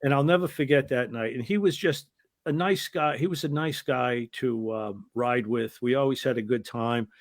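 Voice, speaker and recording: A man's voice: medium pitch, moderate pace, no echo, studio quality. An older man, a former wrestling referee, telling rambling anecdotes as an interview guest, often restarting his sentences. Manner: rambling anecdotal storyteller with restarts, lively when telling the punchline. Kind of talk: casual storytelling interview.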